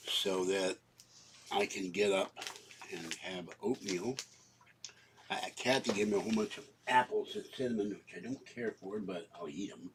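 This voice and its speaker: Against background noise, an older man with a lowish voice and a cough rambles casually about his shopping haul at home. Fillers and repeated coughing fits punctuate his talk.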